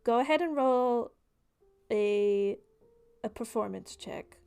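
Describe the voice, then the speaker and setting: Chatty woman running a tabletop game, lots of "like"s, soft music in the back. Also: fairly high pitch, slow pace, vocal fry, smooth. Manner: casual, many fillers like "like". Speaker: game master.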